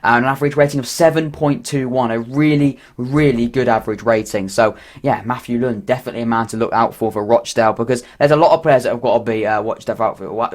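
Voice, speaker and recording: A young man hosting a solo football podcast, rambling through stats with chatty asides and frequent self-corrections. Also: mid-range voice.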